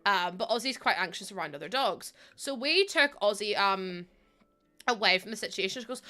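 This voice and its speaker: A woman's voice: medium pitch, animated, normal speed, pushed and bright. A woman streaming from home into a desk microphone, chatting casually in a rambling storytelling way with lots of fillers. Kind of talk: casual live-stream chat while playing a game.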